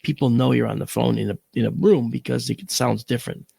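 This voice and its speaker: A man, an astronomer, telling a vivid personal story and acting out the shouts of the people in it. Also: medium pitch, fairly quick, vocal fry, slightly rough, no echo. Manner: vivid, acts out quoted shouts, swears.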